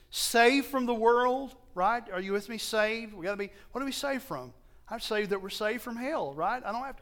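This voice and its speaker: A man preaching a sermon to a congregation, slow and emphatic, often asking them questions and correcting himself as he goes. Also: high-pitched, fairly bright tone.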